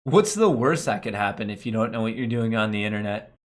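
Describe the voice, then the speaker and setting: A man's voice: lowish voice, lively intonation, a little fast. A young man hosting a casual stock market live stream, reading his chat aloud and joking around with slangy banter and frequent laughs. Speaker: stock market livestream host.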